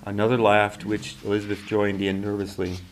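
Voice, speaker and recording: A man, an author, reading his novel aloud in a measured, deliberate way at a university reading. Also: lowish voice, completely flat delivery, a little hiss or hum, low-quality recording.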